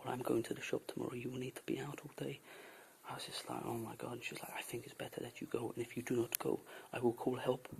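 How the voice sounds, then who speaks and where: A young man venting casually about his volunteer host, often dropping to a hushed whisper, recorded on a camera mic indoors. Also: medium pitch, gravelly, a little hiss or hum, rough recording. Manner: exasperated, often drops to a whisper. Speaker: volunteer traveller reviewing a host. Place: indoors at a host's house.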